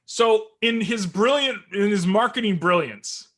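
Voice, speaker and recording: A man, co-hosting a casual sports podcast, telling stories in an animated way and laughing often. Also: high-pitched, measured pace. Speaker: co-host.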